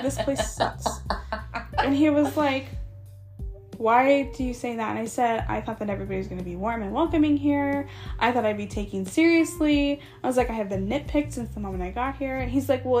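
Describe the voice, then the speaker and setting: Young woman with a high voice, chatty podcast storyteller, quoting people and laughing through it. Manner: animated, acts out dialogue with laughs. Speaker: podcast co-host, massage therapist. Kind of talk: casual storytelling chat.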